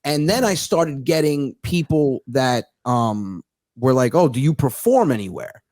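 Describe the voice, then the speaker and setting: A man in his thirties, a comedian telling stories in a fast, profane, sarcastic casual chat. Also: medium pitch, expressive, a little mellow, no echo, clean studio sound. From United States. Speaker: comedian guest.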